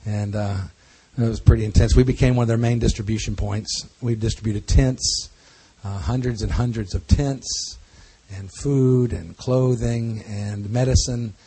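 A husky-voiced man stands before a congregation and talks as a pastor. His delivery is folksy and loose, full of jokes and stories. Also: mid-range voice, fairly even intonation, measured pace, dark tone. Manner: folksy, jokey storytelling with laughs. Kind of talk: church talk to a congregation.

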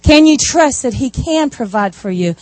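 A woman giving a sermon, telling stories in a lively way with asides. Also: high-pitched, normal speed, no echo. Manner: animated storytelling with asides. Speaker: preacher.

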